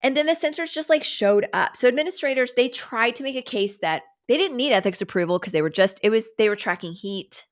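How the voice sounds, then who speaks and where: A middle-aged woman hosting a casual livestream, sarcastic and animated, swearing freely and dropping to whispers for asides. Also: a little high, brisk, hardly any pauses. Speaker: livestream host. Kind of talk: casual chat.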